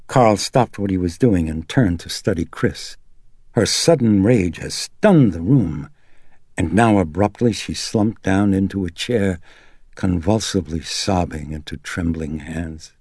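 A man reading a novel aloud as narrator in a steady, dramatic manner. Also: low voice, unhurried, no room sound, clean studio sound. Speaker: audiobook narrator. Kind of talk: scripted narration.

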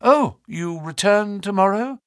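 A man voicing a jaunty, nervous male naturalist with fluttering, high-pitched exclamations in an audiobook reading. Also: expressive, measured pace, fairly bright tone, no echo, clean studio sound. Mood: polite.

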